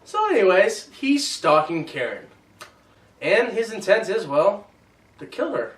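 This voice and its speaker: A man hosting a casual movie review chat, animated and teasing. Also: high voice, a little slow, a little hiss or hum. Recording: roomy echo, mic at a distance.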